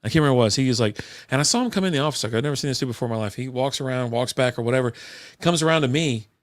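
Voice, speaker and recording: A man in his thirties chats casually on a podcast over beers. He rambles through profane office stories at a mid pitch. The sound is dry and close to the mic. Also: rapid-fire, dry recording. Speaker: podcast host.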